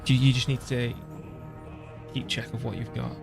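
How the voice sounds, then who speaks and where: A male game streamer of middling pitch, talking casually as he plays and thinking aloud about each move. He laughs easily, and soft music runs quietly behind him. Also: flat delivery, normal speed, gravelly. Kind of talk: casual gameplay commentary.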